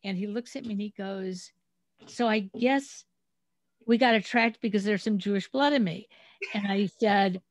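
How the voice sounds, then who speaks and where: A woman's voice: medium pitch, moderate pace, dry recording. Chatty storytelling woman, dry sound. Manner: storytelling, chatty, animated retelling. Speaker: podcast host. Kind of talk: casual interview chat.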